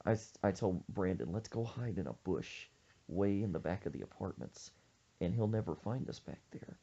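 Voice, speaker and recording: A man hosting a podcast, telling a story in an animated, jokey way. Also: sits low, normal speed, creaky, husky, dull audio. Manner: animated, jokey, acts out quoted voices. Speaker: podcast host. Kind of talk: casual storytelling chat.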